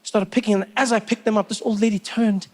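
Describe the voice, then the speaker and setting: A man with a South African accent telling stand-up comedy stories with animated, repetitive comic timing. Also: high voice, fast.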